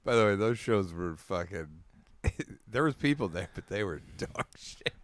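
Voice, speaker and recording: Podcast cohost dude, laughs a lot, swears, super lively voice. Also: male voice, lowish voice, unhurried, no echo. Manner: laughs often, profane riffing. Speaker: podcast co-host. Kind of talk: casual chat.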